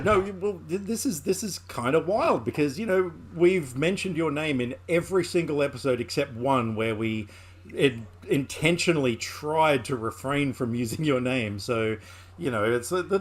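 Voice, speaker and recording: A man's voice: fairly high pitch, slightly rough. A man hosting a podcast in casual chat, joking and rambling and laughing often. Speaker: podcast host.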